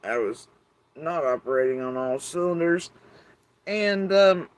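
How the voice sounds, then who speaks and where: This middle-aged man speaks to his YouTube viewers in a fairly high, expressive voice, taking his time. It's a low-quality recording of a casual, rambling monologue that's wry, filler-laden and full of swearing.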